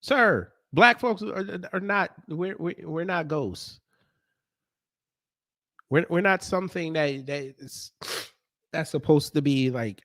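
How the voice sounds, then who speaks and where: A man's voice: on the high side, expressive, slow pace, a bit bright, dry recording, clean studio sound. A man reacting to clips in casual commentary, sarcastic and exasperated, stammering through restarts. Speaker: commentary vlogger.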